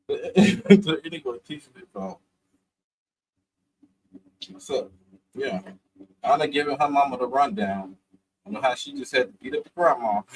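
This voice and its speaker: Man, reality show recap, casual, slangy, profane, laughs often, middle pitch. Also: low-quality recording. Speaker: reality TV reviewer.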